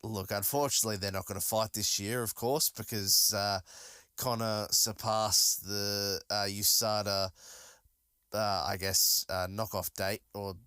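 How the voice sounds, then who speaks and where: Low-voiced, rambling male podcast host. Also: little pitch movement, measured pace, bright, forceful tone, clear, resonant tone, no echo. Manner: casual and rambling, many fillers and restarts. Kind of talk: solo podcast commentary.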